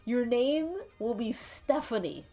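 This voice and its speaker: A woman's voice: on the high side, sing-song, slow pace, warm tone, faint music behind, pitched above the performer's own voice, heavily acted. Woman doing proud alien parents, insistent and grandly encouraging, near her own voice.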